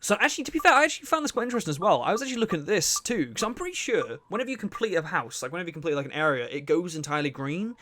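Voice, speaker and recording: A man's voice: sits high, big pitch swings, rapid-fire, hardly any pauses, bright, forceful tone, a little hiss or hum. A man giving casual, rambling commentary over a video game. He jokes, swears a lot and laughs often. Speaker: let's play host.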